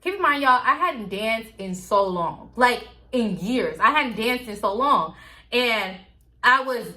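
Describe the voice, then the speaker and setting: Woman vlogger, candid storytime chat; bright, slightly high voice. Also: lively intonation, unhurried. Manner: candid, chatty, talks straight to viewers.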